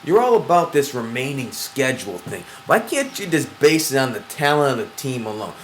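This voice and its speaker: A man's voice: medium pitch, very animated, moderate pace, fairly bright tone, slight background noise. A man co-hosting a casual sports show, teasing his partner and ranting in mock outrage. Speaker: sports podcast co-host.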